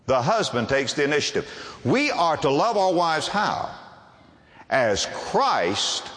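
A man preaching a sermon to a congregation, emphatic and quick to ask them rhetorical questions. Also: high-pitched, a bit bright, in a large hall.

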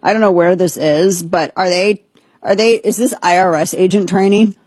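A woman hosting a talk radio show, reacting to a clip with incredulous jokes and quick asides. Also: on the low side, fairly even intonation, a little mellow, breathy edge, no room sound. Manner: incredulous, joking, rapid asides. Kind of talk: casual talk show banter.

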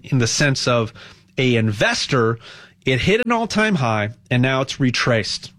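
A man with a somewhat raised voice talks through a loose promotional monologue as a host. He rambles and gets animated, stumbling and restarting his sentences before pressing on. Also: fairly high pitch. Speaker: host pitching gold buying.

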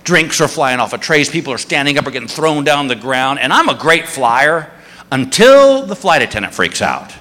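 A middle-aged man doing stand-up, telling a story in an exasperated, animated way. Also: medium pitch, moderate pace. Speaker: stand-up comedian. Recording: hall reverb, faint noise.

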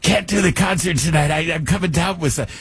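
A man's voice: fairly high pitch, brisk, a bit bright, soft background music, pitched above the performer's own voice, close to an everyday voice. A man doing an impression of an aging male rock singer, sounding sheepish and mock-apologetic.

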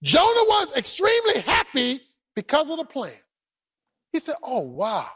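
High, animated shouting preacher man. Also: normal speed. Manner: exclaiming, colloquial, acts out the scripture, often shouts. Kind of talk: animated sermon.

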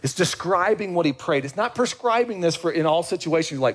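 Conversational preacher man, slightly high voice. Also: lively intonation, a little fast, hardly any pauses. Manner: conversational, asks the congregation questions. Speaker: pastor. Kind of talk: sermon.

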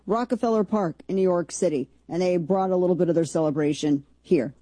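Woman host, casual political commentary, rambling and sarcastic, husky mellow voice, dry sound. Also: lowish voice, brisk, no echo. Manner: chatty, rambling, sarcastic asides.

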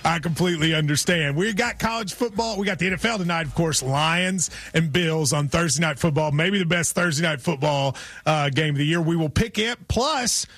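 A man's voice: a little high, fairly bright tone, no room sound. A man hosting a sports radio show, talking casually with a wry, teasing manner. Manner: wry, teasing, quick to laugh.

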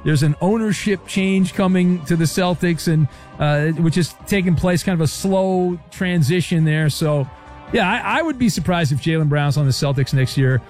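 A man's voice: fairly high pitch, darkish tone, soft background music. A man hosting a sports radio show, reading listener answers and trading wry quips. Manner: wry, quick quips, fillers. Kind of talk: casual radio show banter.

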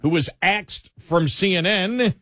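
Talk radio guy from buffalo, husky voice, dry studio sound, easygoing banter. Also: high voice, a little slow, bright, forceful tone, no room sound. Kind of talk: casual talk radio chat.

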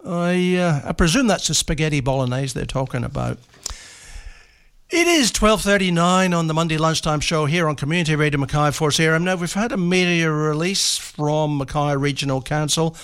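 A man's voice: on the high side, normal speed, fairly bright tone, clear, resonant tone. A man with an Australian accent presenting a community radio show in a studio, chatting casually and reading notices aloud with offhand asides. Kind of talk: relaxed radio announcing.

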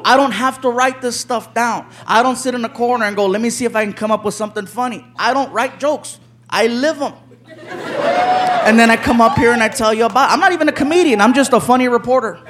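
A man telling a stand-up story on stage, animated and shouting out characters' lines, with an audience laughing behind him. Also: very high-pitched, a little fast. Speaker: stand-up comedian. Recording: live stage with crowd noise.

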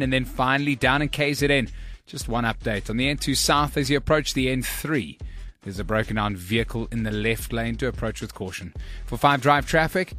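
South African man, radio co-host and traffic reader, crisp bright tone, music under. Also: medium pitch. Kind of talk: radio banter and traffic report.

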